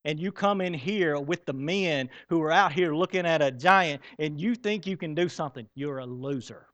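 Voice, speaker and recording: A man's voice: fairly high pitch, moderate pace, a bit bright, dry recording, highs cut off, close to an everyday voice. A man voicing a scornful, jealous older brother who mocks his younger sibling. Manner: mocking, taunting.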